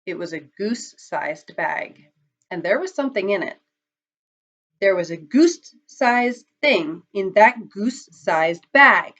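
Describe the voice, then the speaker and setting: A woman reads a children's picture book aloud in an expressive, dramatic storyteller's manner. Her pitch swoops in animated arcs. The recording sounds dull and lo-fi. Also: takes it slowly.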